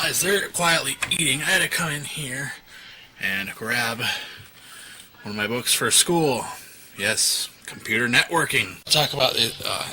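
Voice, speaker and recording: A man in his thirties, talking to his handheld camera at home in a loose, rambling way, often restarting his sentences. His voice sits at a middle pitch. Clear household noise runs behind him. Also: bright, forceful tone, low-quality recording. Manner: rambling, self-correcting, chatty. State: out of breath. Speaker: vlogger. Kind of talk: casual vlog talk to camera. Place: inside a house.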